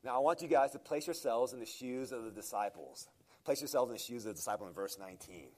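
A man preaching, earnest and emphatic, at a medium pitch. He often restarts his phrases and puts in fillers as he leans on his key points. His voice is that of a pastor teaching his congregation. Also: animated, fast, a little mellow. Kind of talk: sermon.

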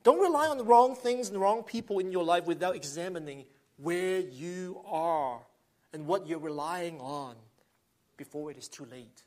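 A man's voice: high voice, normal speed, darkish tone. A man preaching a sermon, earnest, swelling with emphasis and often restarting phrases. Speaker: pastor.

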